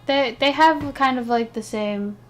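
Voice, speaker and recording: A young woman streaming, chatting casually in an excitable, rambling way, sleepy and yawning between thoughts. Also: high-pitched, measured pace. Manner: excitable, rambling, giggly, with restarts. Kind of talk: casual chat while ranking game characters.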